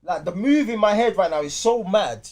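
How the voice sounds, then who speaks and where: A man co-hosting a casual podcast chat, excitable and prone to repeating himself. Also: high voice, normal speed. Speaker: podcast co-host.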